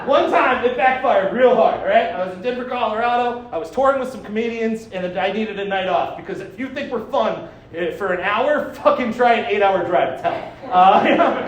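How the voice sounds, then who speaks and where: A man performing a stand-up set on a club stage, brash and profane, mocking himself and laughing at his own jokes. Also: sits high. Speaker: stand-up comedian. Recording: echoey club recording, heard from a distance, with noise. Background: audience laughter.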